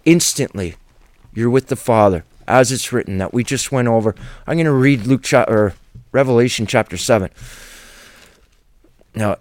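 A man's voice: mid-range voice, no echo. Earnest preaching man, dry close sound. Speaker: Bible teacher. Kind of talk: solo Bible teaching video.

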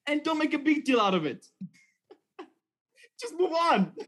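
A man preaching a sermon in a conversational, animated storytelling way, often checking in with "okay?". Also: extremely high pitch, slow pace.

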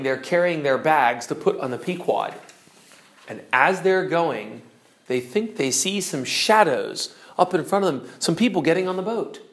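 A male teacher animatedly retelling a classic novel's story to his class, pausing to explain terms. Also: on the high side.

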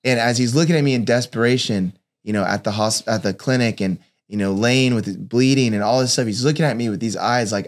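A man's voice: medium pitch, a little fast, few pauses. A man and father giving a personal devotional talk, earnestly telling stories and acting out the voices of the people in them. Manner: earnest storytelling, acts out quoted voices.

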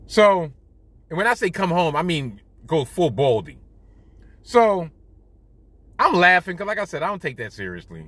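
A middle-aged man hosting a podcast, telling stories in an animated, profane, self-mocking way. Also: on the high side. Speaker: podcast host. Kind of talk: casual storytelling monologue. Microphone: studio podcast mic.

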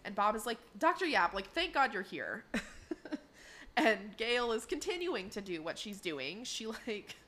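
A woman's voice: medium pitch, a little slow. A woman co-hosting a podcast, retelling a cartoon episode in casual chat and acting out the lines. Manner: animated retelling, acting out quotes. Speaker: podcast co-host recapping an episode.

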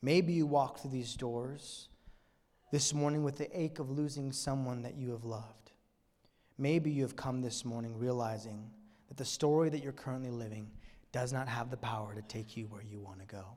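A man preaching a sermon in a church, moving dramatically from hushed, somber passages to soaring emphasis. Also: mid-range voice, steady tone, normal speed, long reverb tail. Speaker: pastor. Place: church sanctuary.

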